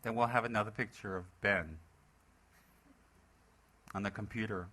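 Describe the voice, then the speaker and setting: A man's voice: lowish voice, steady tone, moderate pace, pushed and bright. Man teasing his students in a Dharma talk. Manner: teasing, playful, jokes about his students. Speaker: Buddhist teacher. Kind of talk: joking Dharma talk to a live audience.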